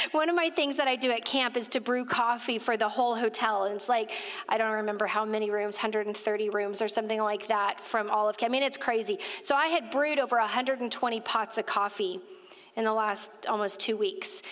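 A woman telling a story in a sermon, animated and chatty, talking straight to the people in front of her. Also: fairly high pitch. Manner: animated, conversational, addresses listeners directly. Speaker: women's ministry speaker. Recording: reverberant hall.

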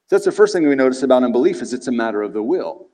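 A man's voice: medium pitch, rapid-fire. Man preaching in a reverberant hall. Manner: conversational, animated retelling with rhetorical questions. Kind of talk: expository sermon.

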